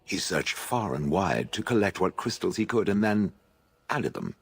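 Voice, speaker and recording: An actor playing a haughty, aloof male stone golem in a game, speaking with posh, husky dryness. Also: low-pitched, big pitch swings, moderate pace, full character voice. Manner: posh, refers to others as "it". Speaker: game character. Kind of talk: voiced game dialogue.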